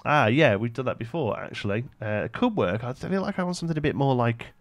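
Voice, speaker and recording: Young male streamer, mid pitch, casual running commentary, answers chat, faint music underneath. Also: expressive, fast. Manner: thinks aloud, answers chat, frequent fillers. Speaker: live-streamer building in a park-building game.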